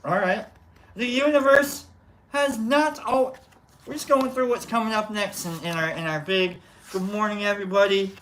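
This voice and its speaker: A man's voice: high voice, normal speed, fairly bright tone. A man hosting a casual morning livestream, greeting viewers one by one by name and rambling loosely. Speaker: livestream host.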